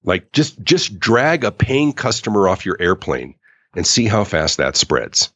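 A man talking as a guest in a podcast interview, emphatic and animated. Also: on the low side, measured pace, no echo, dull audio. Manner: animated, emphatic, acts out quoted customers. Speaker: author and customer experience speaker, guest.

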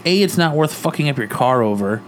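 A man's voice: medium pitch, a little fast, slight background noise. A man in a casual chat, telling road-rage stories and acting out the quotes, with plenty of swearing. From Arizona, USA. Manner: animated storyteller, acts out quotes, swears.

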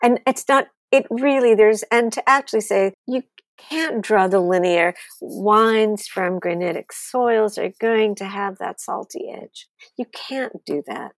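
Blunt, animated woman telling stories. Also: mid-range voice, unhurried, no room sound, studio quality. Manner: animated, blunt, swears freely. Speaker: wine author and guest. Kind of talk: storytelling interview talk.

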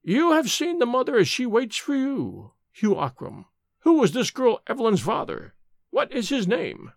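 A man voicing an ancient female nurse who questions a dying man slowly and insistently. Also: extremely high pitch, wildly swooping pitch, vocal fry, dry recording, clean studio sound, voice pushed up, full character voice. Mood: relentless. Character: ancient crone nurse, relentless and grim.

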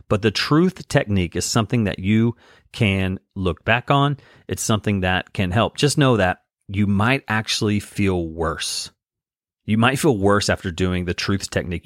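Male podcast host, low-ish voice, earnest motivational coach, dry close recording. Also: dry recording. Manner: earnest, direct, coaching tone with bursts of laughter. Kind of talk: motivational self-help talk.

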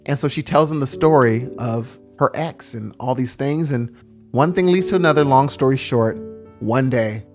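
A man co-hosting a comedy podcast, rambling through an improvised story and acting out its characters in quick voices. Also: medium pitch, music in the background.

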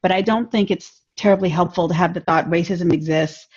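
Reflective husky woman guest, forties, dull lo-fi remote sound. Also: lowish voice, a little mellow. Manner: measured, reflective. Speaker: podcast guest. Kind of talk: casual podcast conversation.

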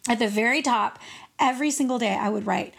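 Gravelly husky woman, worship leader, earnest faith chat, kinda high voice. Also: brisk. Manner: earnest, animated when retelling stories. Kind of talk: casual Christian devotional chat.

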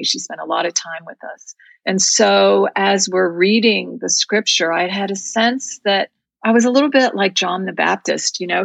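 A woman's voice: medium pitch, creaky, slightly rough, dry recording, low-quality recording. A woman guest telling a personal faith story in an earnest, heartfelt, reflective way. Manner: heartfelt, reflective, speaks of prayer and scripture.

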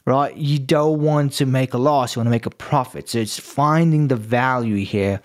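A man with a non-native English accent, co-hosting a betting podcast and calmly laying out his picks. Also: medium pitch, normal speed. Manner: matter-of-fact, repeats key figures. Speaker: betting analyst co-host. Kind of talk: casual sports betting chat.

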